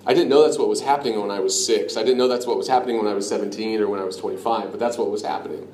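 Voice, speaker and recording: A man's voice: fairly low pitch, steady tone, rapid-fire. Man preaching in an echoey church. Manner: earnest, conversational, drops to a hush on key lines. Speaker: pastor. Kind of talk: sermon. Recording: echoey room with faint ambient noise.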